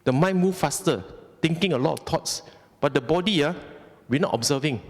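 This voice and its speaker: A man's voice: a little high, lively intonation, fairly quick. A Malaysian man giving a conversational Buddhist Dhamma talk, often asking the audience questions. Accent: Malaysian English. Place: temple hall. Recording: long hall reverb.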